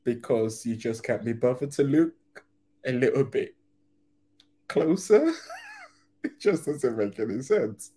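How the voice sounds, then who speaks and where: A man's voice: mid-range voice, expressive, unhurried, pauses often, warm tone. A man hosting a reaction video, commenting casually on a comedy clip, often laughing and rambling through restarts.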